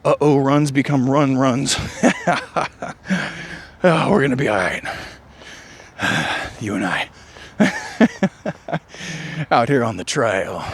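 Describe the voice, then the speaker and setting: A man on a run outdoors, musing and joking in a rambling, winded monologue with sighs. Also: medium pitch. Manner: musing, jokey, drawn-out sighs. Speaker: vlogger. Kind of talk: rambling running vlog monologue. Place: outdoor trail in the rain. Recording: faint outdoor rain hiss.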